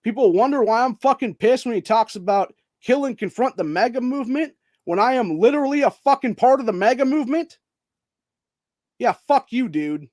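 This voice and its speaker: A man's voice: extremely high pitch, brisk, a little mellow, no room sound, clean studio sound. A man hosting his own channel, delivering a heated, profanity-laced political rant and calling everyone dude. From Ohio. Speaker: host.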